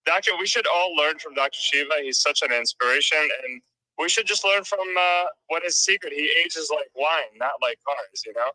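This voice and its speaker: A man's voice: fairly high pitch, sharp tone, no room sound, poor audio. A man hosting a livestream, talking casually and admiringly in a loose, rambling way. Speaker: show host.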